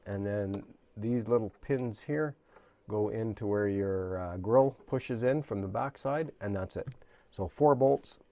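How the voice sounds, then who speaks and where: A man hosting a hobby channel, explaining a model build in a casual, rambling way with lots of fillers, his voice a little hoarse. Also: fairly low pitch, mellow, muffled recording. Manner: rambling, many fillers and restarts. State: slightly hoarse, losing his voice. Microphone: camera mic, at times handheld camera.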